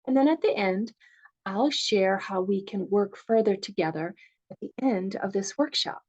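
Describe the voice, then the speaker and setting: Southern woman leading a calm workshop. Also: mid-range voice, normal speed, muffled recording. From rural Virginia. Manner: soft, calm, guiding; earnest, personal storytelling. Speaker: divorce coach. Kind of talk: guided meditation and workshop talk.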